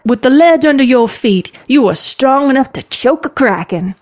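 A woman's voice: mid-range voice, animated, normal speed, a little mellow, pitched above the performer's own voice, natural voice. A woman voicing a blunt, matter-of-fact witch aunt who tells plain truths. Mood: yelling encouragement.

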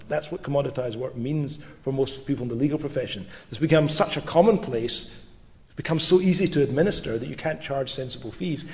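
A man's voice: medium pitch, fairly quick, darkish tone. Middle-aged male professor, dry wit, mid-range voice, lecture hall echo. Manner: wry, dry humour, occasional restarts. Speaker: law professor giving a public lecture. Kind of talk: public lecture. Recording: long reverb of a lecture hall.

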